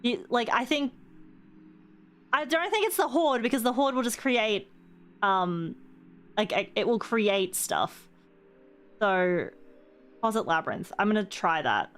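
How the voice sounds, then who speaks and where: A young woman streaming a game, thinking aloud and turning excitable as she works through its puzzles. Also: mid-range voice, measured pace, long pauses. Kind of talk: live game stream commentary.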